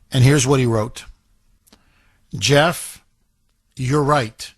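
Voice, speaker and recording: Male radio host, slow deliberate pacing, dry close mic, repeats lines for emphasis. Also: mid-range voice, slightly rough, no echo. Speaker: radio talk show host. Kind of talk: talk radio monologue, reading a listener letter.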